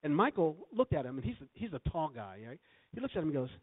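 A man delivers a sermon, weaving scripture quotations and an anecdote with emphatic rises. His voice sits a bit high. The sound is dry and narrow, like it comes through a phone. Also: big pitch swings, quick pace, slightly rough, no room sound. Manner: storytelling, quoting scripture with emphatic swells. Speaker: preacher. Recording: tinny phone-like recording.

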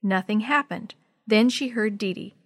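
A woman narrating a children's chapter book aloud in a clear, even storytelling manner. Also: medium pitch, normal speed, no room sound, clean studio sound.

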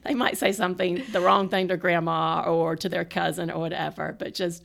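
A middle-aged woman hosting a parenting podcast, telling stories in an animated, casual way and laughing often. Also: on the low side, brisk, vocal fry. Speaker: podcast host. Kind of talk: casual conversational storytelling.

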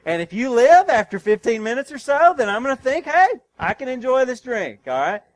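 A preacher lightly doing a commanding ancient king who is wary and brisk, giving offhand orders in a voice lifted higher and louder than his preaching. The sound stays close and dry. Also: sing-song, no room sound. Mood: bossy.

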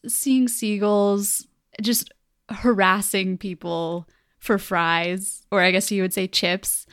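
A woman's voice: mid-range voice, fairly even intonation, takes it slowly, fairly bright tone, no echo, studio quality. A woman from Canada hosting a casual podcast chat, curious and chatty. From Vancouver, Canada.

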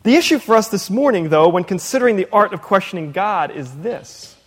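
A man's voice: sits high, expressive, brisk, in a large hall. A man in his thirties preaching a sermon in a conversational, playful way, sometimes mimicking others. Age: 30s. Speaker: preacher and teacher.

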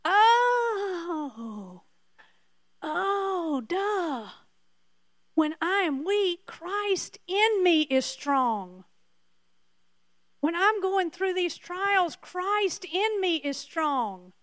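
A woman's voice: extremely high pitch, sing-song, extremely slow, fairly bright tone, no echo, studio quality, voice pushed up, full character voice. A woman voicing an exasperated apostle who keeps complaining and pleading with God. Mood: realizing. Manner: pleading, exclaiming.

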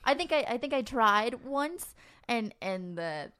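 Woman on a podcast, kinda high voice, rambles and laughs through her story. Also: animated, a little slow, pushed and bright, smooth. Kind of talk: casual chat.

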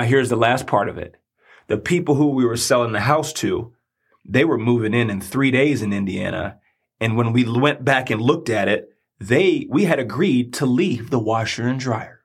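A man telling a personal story in a preachy monologue, animated, swinging between hushed and excited. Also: medium pitch, moderate pace, slightly rough.

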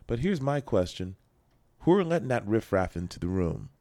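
A man's voice: lowish voice, very animated, normal speed, dark tone, dry recording. A man co-hosting a podcast, chatting loosely through the news with a rambling, jokey manner. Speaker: podcast co-host. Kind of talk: casual news chat. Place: local radio studio.

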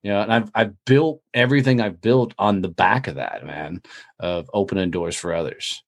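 A business owner appearing as a guest on a podcast tells stories in a casual interview, full of profanity and energy. He animates his tales with quoted dialogue, speaking at a moderate pace in a lowish voice.

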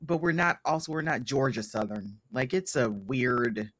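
A man's voice: mid-range voice, moderate pace, a bit bright, no echo. A man in his thirties from Mississippi, a guest telling stories in casual conversation and laughing often.

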